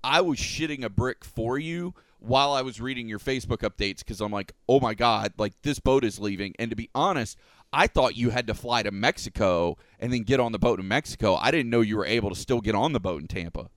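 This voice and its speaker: A man chatting casually on a podcast, telling animated stories and swearing freely. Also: mid-range voice, fairly quick, no echo. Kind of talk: casual chat.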